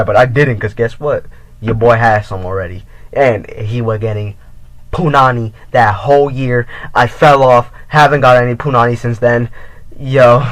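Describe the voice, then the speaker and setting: A man's voice: mid-range voice, no echo, rough recording. A teenage boy telling a rambling storytime in casual, profane slang. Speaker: vlogger.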